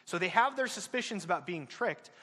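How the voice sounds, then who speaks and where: Man, teacher, bright voice, a bit high, retells a plot with fillers, long hall echo. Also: lively intonation, a little fast. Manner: explains plot to students with fillers and asides. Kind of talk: classroom plot narration.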